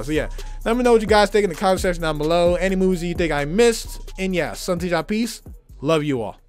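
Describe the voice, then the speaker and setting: A young man with a hoarse, worn-out voice giving an enthusiastic, rambling movie review full of fillers. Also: high voice, lively intonation, fast talker, soft background music. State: hoarse, tired voice. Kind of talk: casual movie review vlog.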